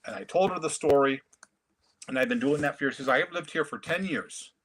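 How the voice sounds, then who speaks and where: A man, telling stories in a casual, animated way on a video call. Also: on the high side, a little fast, slightly rough. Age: 50s. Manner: storytelling, animated. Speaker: comic collector guest. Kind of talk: casual chat.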